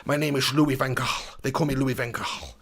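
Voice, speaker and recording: A man putting on a gravelly Dutch-accented football boss. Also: mid-range voice, moderate pace, fairly bright tone, pitched below the performer's own voice. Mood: boastful. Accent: generic Dutch. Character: Dutch football manager impression, middle-aged man, boastful.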